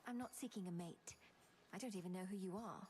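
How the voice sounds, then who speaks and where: A determined young witch voiced by a woman speaks tersely and keeps her guard up in a mid-range voice. The game audio is quiet, with clear noise behind it. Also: mid-range voice, brisk, lightly acted.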